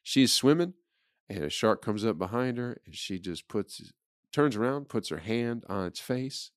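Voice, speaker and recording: A man's voice: fairly low pitch, lively intonation, a little slow, smooth, no room sound, clean studio sound. A man hosting a comedy podcast, talking casually in a rambling, profane riff. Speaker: podcast host.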